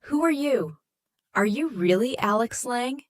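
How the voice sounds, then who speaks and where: A woman voicing a soft-spoken, formal and apologetic male diplomat on the phone. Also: a little high, animated, a little slow, no echo, clean studio sound, pitched above the performer's own voice.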